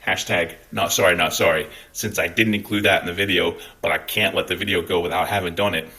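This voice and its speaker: The voice is low-pitched and steady, a little quick, with background noise audible. It belongs to a Scottish man ranting angrily on his own channel, speaking bluntly with plenty of swearing and real heat.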